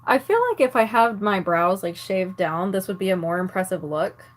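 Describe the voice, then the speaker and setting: A woman's voice: medium pitch, moderate pace. Annoyed woman venting to camera. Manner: exasperated, swears a lot, filler-heavy; talks while doing her makeup. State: angry and annoyed. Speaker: vlogger. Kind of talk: casual rant to camera.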